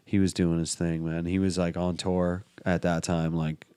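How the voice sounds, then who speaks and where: A man's voice: deep voice, level tone, moderate pace, mellow, clean tone, no echo. A man in his twenties telling stories in a casual chat, laid back and full of slang and fillers. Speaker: podcast guest. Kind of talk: casual storytelling.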